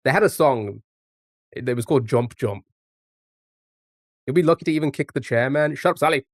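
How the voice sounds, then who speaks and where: Playing a word game on a live stream, he banters with his chat in a chatty, jokey way, talking back to them and cursing occasionally. His medium-pitched male voice moves briskly, recorded at studio quality with no room sound.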